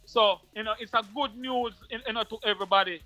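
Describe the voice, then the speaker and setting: A man with a Jamaican accent, an interview guest who tells a personal story in patois in an animated way, often repeating his words. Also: sits high, fast, dry recording, soft background music.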